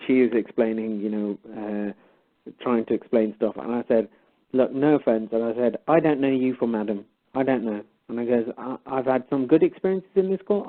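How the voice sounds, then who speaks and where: Man, mid pitch, lively anecdote, quoting both sides, tinny phone line. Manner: animated retelling, quoting both sides of a dialogue. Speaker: guest telling a story. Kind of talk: casual storytelling on a call-in show.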